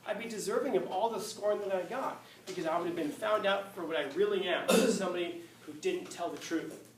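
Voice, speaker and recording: A man's voice: high-pitched, brisk, lightly acted. Defiant old philosopher, put on by a male teacher, earnest reasoning, distant mic with light hiss. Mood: resolute. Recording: echoey classroom, far mic, faint hiss.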